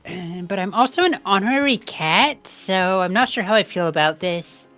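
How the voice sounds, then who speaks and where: A young woman streams a game, talking casually and reading the story text aloud in a rambling, chatty way. Her voice sits at an ordinary middle pitch, and faint music plays behind her. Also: expressive, moderate pace, fairly bright tone. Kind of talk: casual gameplay commentary.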